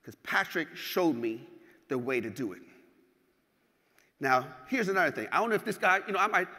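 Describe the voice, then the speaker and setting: A man giving a motivational keynote, telling stories in an animated, profane way and acting out scenes. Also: on the high side, moderate pace. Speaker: keynote speaker. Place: large hall. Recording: hall with long reverb.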